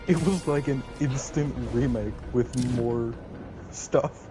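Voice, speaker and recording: A young man chatting casually while a friend plays a game, rambling through his thoughts with plenty of "like" and "um" and the odd curse. His pitch sits in an ordinary middle range, and game music plays clearly behind him. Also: slow. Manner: rambling, filler-heavy, swears casually. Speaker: co-player chatting. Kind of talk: casual gaming chat.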